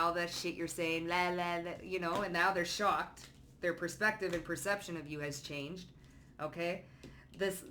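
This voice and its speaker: A young woman runs through a tarot reading in casual, slangy speech full of cursing and emphasis. Her voice sits a bit low, with a bright, forceful edge. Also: a little hiss or hum. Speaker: tarot reader.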